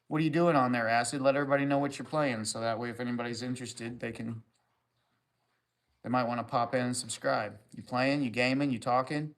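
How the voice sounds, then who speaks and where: Joking, rambling male livestreamer. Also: medium pitch. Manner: joking, crude, rambling banter with viewers. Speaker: livestream host. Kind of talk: casual livestream chat, reading comments.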